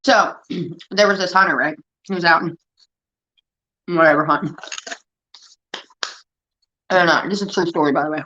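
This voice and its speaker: A woman's voice: lowish voice, moderate pace, pauses often, sharp tone, lo-fi sound. A woman livestreaming, telling a rambling, profane story in a casual chat that keeps getting sidetracked.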